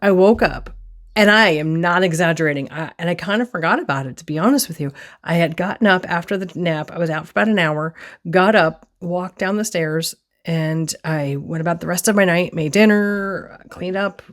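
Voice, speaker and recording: A woman telling a personal story on her vlog from her desk, expressive and acting out her own reactions. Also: on the low side, normal speed. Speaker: vlogger.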